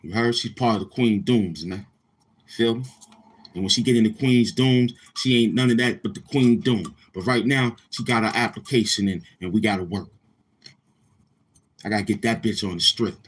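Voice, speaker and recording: A man's voice: lowish voice, normal speed, breathy edge. A man hosting a livestream, chatting casually with viewers in a boastful, crude, repetitive manner. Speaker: livestream host.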